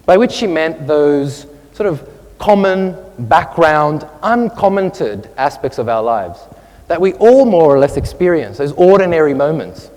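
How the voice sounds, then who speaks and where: A man giving a public talk to an audience, telling stories in an expressive, animated way. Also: on the high side, unhurried. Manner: expressive storyteller, animated, with asides. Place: hall with an audience. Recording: long reverb of a hall.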